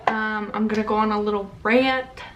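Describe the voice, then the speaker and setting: A woman's voice: mid-range voice, fairly even intonation, normal speed, distant mic, background noise. A young woman, pregnant, talking casually through a makeup tutorial and a rant, blunt and profane. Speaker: beauty vlogger.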